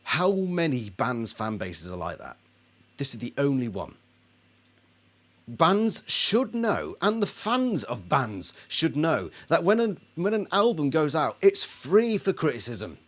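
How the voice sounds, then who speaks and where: A man's voice: a little high, big pitch swings, slow. A man ranting about a band in a sarcastic, indignant video monologue. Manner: indignant, sarcastic, mocks others in put-on voices. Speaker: album reviewer.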